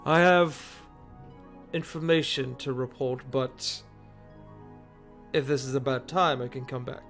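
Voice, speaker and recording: Stern scarred general, formal and measured, as a male game master puts him on, mid pitch, faint music behind. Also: fairly even intonation, a bit bright. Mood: grave. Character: stern scarred middle-aged human general.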